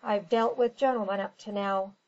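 A woman's voice: mid-range voice, fairly even intonation, moderate pace, darkish tone, lo-fi sound, close to an everyday voice. A woman voicing a touchy stout sea captain. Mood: indignant. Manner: indignant, grumbling. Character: lazy stout ship's captain, man, touchy.

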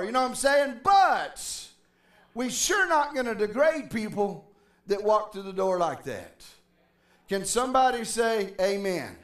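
A man's voice: very high-pitched, a bit bright. A middle-aged man, preaching a sermon as pastor and speaking conversationally while calling out to the congregation. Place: church sanctuary. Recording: roomy church from a distance.

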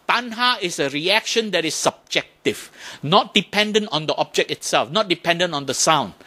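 A man giving a Buddhist dharma talk to an audience, animated, often asking questions and imitating sounds to make his points. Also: fairly high pitch. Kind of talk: lively talk to a temple audience.

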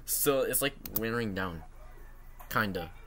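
A teenage boy hosting a casual reaction video at home, excitable and self-mocking, saying "bro" a lot. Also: on the low side, slow, a little hiss or hum. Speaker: channel host reacting to his own old basketball video.

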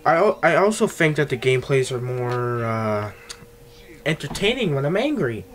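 A man's voice: mid-range voice, sing-song, moderate pace. Male gameplay commentator, angry and foul-mouthed, recorded on cheap earbuds. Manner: ranting, swearing constantly. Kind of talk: casual game commentary.

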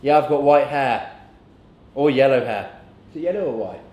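A man's voice: mid-range voice, lively intonation, normal speed, a little mellow. Chatty man in an echoey room. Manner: joking, swears casually, chatty. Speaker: fitness coach and vlogger. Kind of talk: casual vlog chat.

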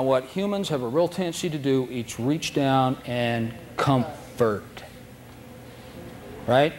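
On a noisy old video tape, a man with a mid-range voice gives a dog training seminar lecture. His style is folksy and animated, and he acts out what dogs are thinking in silly voices.

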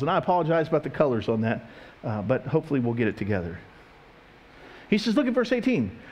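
A man's voice: fairly high pitch, normal speed. A pastor preaching a sermon, telling stories and asking his congregation questions. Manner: animated storytelling, questioning the congregation.

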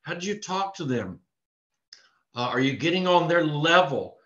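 A man's voice: fairly high pitch, lively intonation, moderate pace, fairly bright tone. A man from Texas giving a live online sales training, earnest and repetitive in his coaching. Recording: echoey room, dull lo-fi sound.

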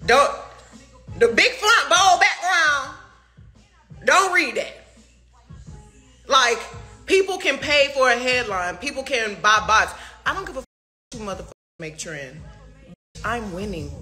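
A woman's voice: high voice, lively intonation, measured pace, long pauses, bright, forceful tone, soft background music. A young woman in a heated, profane livestream rant, firing off rhetorical questions. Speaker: artist speaking to fans.

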